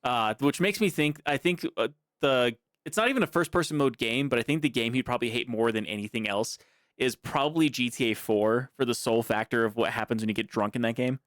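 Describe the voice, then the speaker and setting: A man's voice: mid-range voice, a little fast, a bit bright, no echo, clean studio sound. A man playing a game while chatting casually, muttering to himself as he plays. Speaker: player in a let's play. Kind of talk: casual gaming chat.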